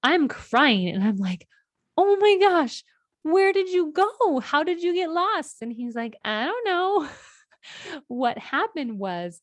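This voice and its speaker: Animated woman telling a personal story. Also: on the low side, no echo. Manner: animated, emotional retelling with many fillers. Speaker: podcast host.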